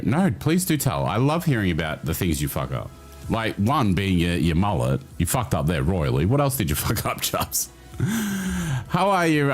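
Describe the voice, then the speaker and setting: Man, Australian accent, deep voice, animated pitch, casual livestream host, reads chat aloud, swears, laughs a lot.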